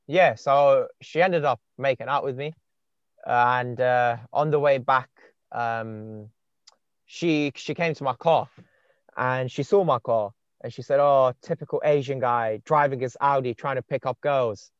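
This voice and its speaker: Young male podcast host, relaxed rambling delivery, dull lo-fi mic. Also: medium pitch, no room sound. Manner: laid-back storytelling with many fillers. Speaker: podcast host and dating coach. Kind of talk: casual podcast chat. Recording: dull muffled podcast sound.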